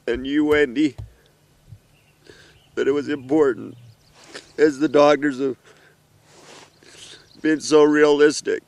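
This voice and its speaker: A middle-aged man gives a heartfelt, halting message to his children while seated outdoors in the mountains. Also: fairly high pitch, steady tone, vocal fry, a little mellow. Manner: earnest, emotional, halting. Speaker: father addressing his children.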